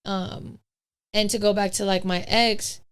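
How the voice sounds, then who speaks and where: Smooth-voiced young woman telling it bluntly. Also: mid-range voice, fairly even intonation, a little slow. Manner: candid, blunt storytelling with swearing. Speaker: podcast guest. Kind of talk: casual chat.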